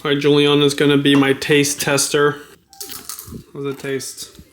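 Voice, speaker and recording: A man's voice: a little high, completely flat delivery, measured pace, faint music behind. A man hosting a casual home cooking vlog, chatting to the camera and his family in an upbeat, persuasive way. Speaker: cooking vlogger and father. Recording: echoey room.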